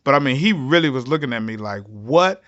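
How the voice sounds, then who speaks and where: A man's voice: medium pitch, expressive, fairly quick, fairly bright tone. A man, a comedian guest, telling a story in a podcast interview, acting out other people's lines with big jumps in his voice. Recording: slightly dull lo-fi audio.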